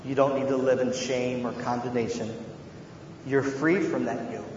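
A man preaching a sermon as a pastor, earnest, moving between hushed tones and loud emphasis. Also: medium pitch, little pitch movement, moderate pace. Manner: earnest, shifts from hushed to shouting. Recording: echoey hall, dull and slightly noisy.

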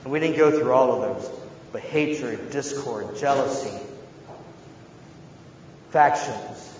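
A man preaching a sermon as a pastor, earnest, moving between hushed tones and loud emphasis. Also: medium pitch, slow pace. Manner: earnest, shifts from hushed to shouting. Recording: echoey hall, dull and slightly noisy.

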